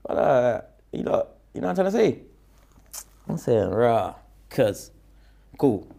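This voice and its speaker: A man's voice: medium pitch, normal speed, creaky. A young man with a London accent, a guest telling a story in a casual interview, rambling and full of street slang. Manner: slangy, rambling, animated when retelling.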